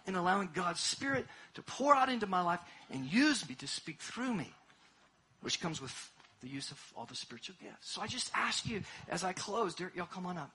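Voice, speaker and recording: A man preaching a sermon as pastor, impassioned, swinging between hushed asides and loud exhortation. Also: sits high, very animated, moderate pace, a little hiss or hum.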